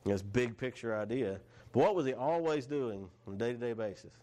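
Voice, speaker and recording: A man's voice: mid-range voice, lively intonation, a little fast, dark tone. A man preaching a sermon in a conversational way. He restarts his phrases and asks his listeners questions. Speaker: pastor.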